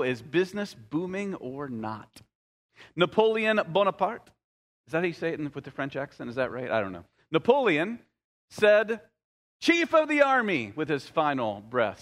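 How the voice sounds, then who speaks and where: A man's voice: on the high side, a bit bright. Guy preaching to his church, chatty and direct, long echo from a big hall. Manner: conversational, addresses congregation directly. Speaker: pastor. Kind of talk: sermon. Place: church sanctuary. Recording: long reverb of a large hall.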